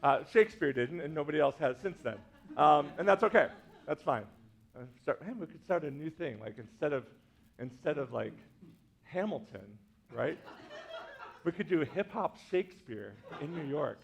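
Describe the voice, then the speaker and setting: A man's voice: on the high side, expressive, normal speed, vocal fry. A man, a pastor, giving a casual teaching talk to a congregation, full of "like" and "right?" asides. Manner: chatty, many fillers like "like" and "right?".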